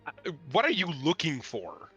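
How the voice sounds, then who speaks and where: A man at a tabletop game, trading dry, teasing banter with his game master. His voice sits somewhat high and sounds bright and forward. Faint music plays behind him. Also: wildly swooping pitch, normal speed, husky, lo-fi sound. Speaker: player. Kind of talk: casual chat in a tabletop game.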